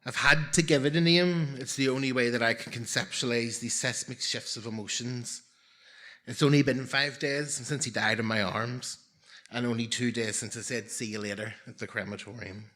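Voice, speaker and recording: A man's voice: medium pitch, bright, forceful tone. A man in his forties telling a personal story live on stage, with wry, self-mocking humour and comic timing.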